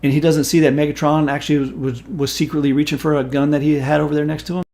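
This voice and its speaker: This forties-aged stream host spins a story in casual chat, profane, emphatic, and lively. He talks fast, his pitch a little high and edged with vocal fry.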